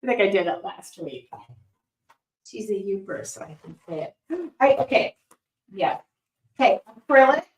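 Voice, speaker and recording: A woman's voice: medium pitch, expressive, moderate pace, long pauses, darkish tone, distant mic. A woman hosting a live art demo, chatting casually and reading viewer comments aloud as she paints. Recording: roomy sound, voice somewhat off-mic.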